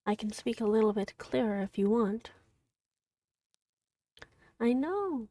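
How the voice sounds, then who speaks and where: A young woman streamer chatting quietly and gently, half-whispering as she recaps a book she reads aloud. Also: fairly high pitch, expressive, slow, no echo, recorded from a distance. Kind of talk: gentle soft-spoken livestream chat.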